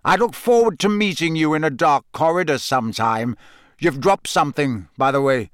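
A grizzled old wizard-hunter, as a male narrator puts him on, growling his lines slowly and with menace. His words come out rough and unhurried. The read is dry, with no room around it. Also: on the high side, a bit bright, no room sound, natural voice. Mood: menacing.

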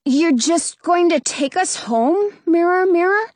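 A woman's voice: extremely high pitch, expressive, a little slow, darkish tone, no echo, voice pushed up. A woman voicing a timid young boy who speaks in a small, hesitant voice in a storybook. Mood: disappointed.

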